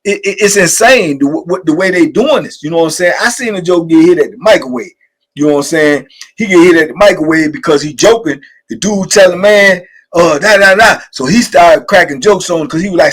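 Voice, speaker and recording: A middle-aged man, hosting and telling prison stories in a casual, animated way, acting out the people he quotes. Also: on the high side, a little fast, rough recording. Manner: animated storyteller, acts out quotes, "you know what I'm saying". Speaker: host sharing prison stories. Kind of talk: casual storytelling conversation.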